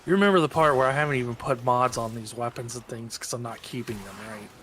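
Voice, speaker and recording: A man chats casually over a video game, trading teasing banter with his co-host. His voice sits at an ordinary middle pitch. A faint hiss runs under the recording. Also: fast talker, a bit bright. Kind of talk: casual gaming chat.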